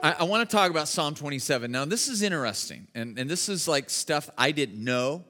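A man's voice: a little high, fairly quick, faint music behind. A male pastor giving a casual, conversational sermon at a church service, telling stories with lots of fillers and restarts. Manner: animated storytelling with many fillers and restarts.

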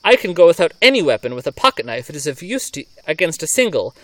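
A man's voice: a little high, big pitch swings, fast, a bit bright, no echo. A man reading as a boastful bold brother.

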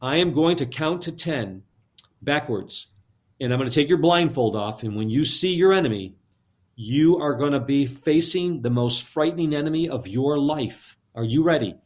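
A man voicing a gentle older village pastor, with hushed, calm, counselling speech. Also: on the high side, moderate pace, close to an everyday voice. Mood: earnest.

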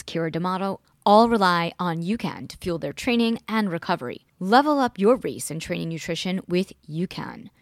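Woman podcast host, low voice, dry close sound, clear and upbeat. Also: no echo. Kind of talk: interview questions and read sponsor spots.

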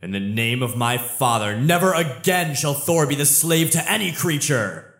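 A man voicing a defiant, heroic male thunder god in a higher, booming, declaiming voice. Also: expressive, moderate pace, fairly bright tone, reverberant, faint music behind.

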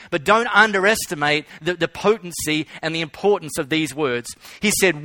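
Bright high-voiced preacher man. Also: moderate pace, few pauses, dry recording. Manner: storytelling, emphatic repetition. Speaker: pastor. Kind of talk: sermon.

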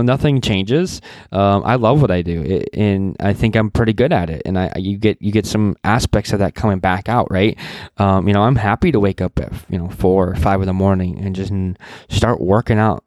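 Guy a bit under the weather, rambling career advice, kinda low voice, dry close sound. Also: moderate pace, darkish tone, no echo. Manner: rambling, frequent fillers and restarts; earnest, passionate. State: a little sick. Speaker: networking career advisor. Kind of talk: casual advice talk.

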